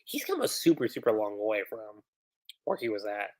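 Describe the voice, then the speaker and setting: A man's voice: lowish voice, sing-song, normal speed, a little mellow. Chatty man hosting a fan livestream. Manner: chatty, with filler "like" and laughs. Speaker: livestream host. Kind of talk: casual fan commentary on a comic.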